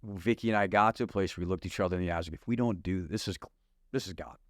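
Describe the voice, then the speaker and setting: A middle-aged guest pastor from Wisconsin shares his testimony in a clean, dry studio recording, his low voice moving at a fast clip. He's animated, laughs often, and acts out the dialogue as he tells his story.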